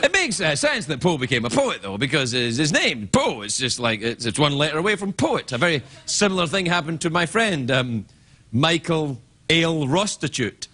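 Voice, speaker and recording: A Scottish man in his fifties, a late-night talk show host rambling through a self-mocking comedy monologue, breaking into loud squawking impressions. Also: fairly high pitch, big pitch swings, moderate pace. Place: TV studio with live audience.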